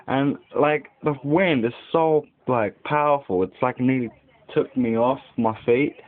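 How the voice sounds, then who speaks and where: In an unhurried, mid-range voice, a young man rambles to the camera from his home by a window, swearing often and saying "like" constantly. The webcam audio is tinny and lo-fi.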